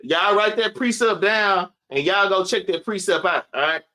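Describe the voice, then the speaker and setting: A man teaching a religious class in a loose, casual preaching style, ending many phrases with "man" and reading scripture slowly. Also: sits high, sharp tone. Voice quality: casual preaching, repeats "man" at line ends. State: out of breath. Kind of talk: sermon.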